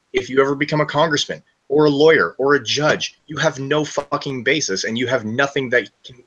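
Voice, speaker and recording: A man's voice: medium pitch, pushed and bright, slightly rough, highs cut off. A young man telling a long story on a live stream in a casual, profane, ranting way.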